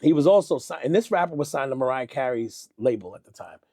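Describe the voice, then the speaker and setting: A man's voice: mid-range voice, expressive, fast talker, warm tone, dry recording, studio quality. A middle-aged man, a music producer guest, telling stories in a casual interview and acting out the quotes with animation.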